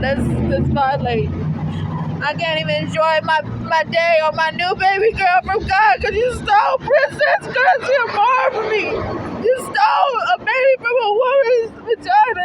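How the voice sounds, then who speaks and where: A woman crying and ranting angrily at a bus stop, talking into her phone camera with plenty of swearing. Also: very high voice. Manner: angry, tearful, profane, repetitive. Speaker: mother posting a video appeal. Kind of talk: emotional selfie vlog rant. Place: outdoors at a city bus stop. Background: faint street traffic and passersby.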